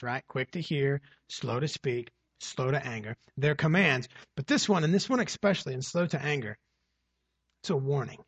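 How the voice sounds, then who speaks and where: A man's voice: mid-range voice, husky, no echo, highs cut off. A man preaching a conversational sermon, asking the congregation rhetorical questions as he reads and explains scripture. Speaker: pastor. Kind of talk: expository sermon.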